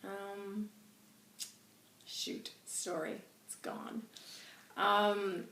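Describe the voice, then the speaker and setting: A woman's voice: mid-range voice, level tone, very slow, creaky, a bit bright. A woman hosting a channelling show, chatting casually in a rambling way while chewing gum, her throat dry and sore. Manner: chatty, rambling, self-deprecating. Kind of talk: casual spiritual reading chat. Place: room at home by a window. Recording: roomy, distant mic with faint noise.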